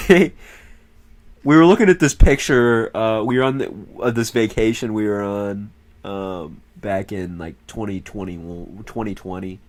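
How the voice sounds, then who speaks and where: A man's voice: on the low side, measured pace. Rambling, profane young male streamer. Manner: rambling, profane, laughs often. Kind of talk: casual stream chat.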